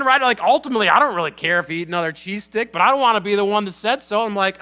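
A man's voice: high voice, lively intonation, fast, pushed and bright, soft background music. A man in his thirties preaching a sermon in a church, retelling the story casually and animatedly with many restarts. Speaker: pastor.

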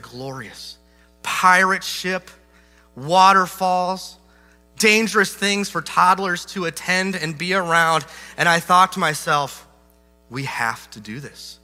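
Bright-voiced man preaching in a hall. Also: sits high. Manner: storytelling, self-deprecating, animated. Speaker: pastor. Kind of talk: sermon illustration with humor. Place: large church hall. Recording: hall reverb with faint music.

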